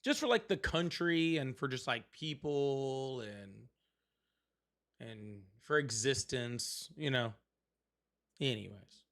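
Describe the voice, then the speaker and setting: A man with a mid-range, fairly bright, animated voice takes his time as he hosts a political livestream from a seat at home. His casual talk is rambling, sardonic and laced with swearing.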